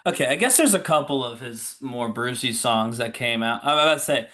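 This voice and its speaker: A man trades opinions in relaxed podcast banter, animated and laughing often. His voice is bright and forceful, sitting at a middling pitch. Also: brisk. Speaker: podcast co-host. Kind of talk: casual chat.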